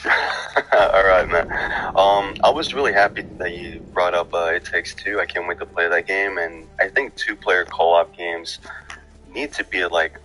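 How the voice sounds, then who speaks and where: A man's voice: deep voice, a little slow, bright, forceful tone, faint music behind, poor audio. A male caller talking about games, enthusiastic and rambling. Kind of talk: casual call-in chat.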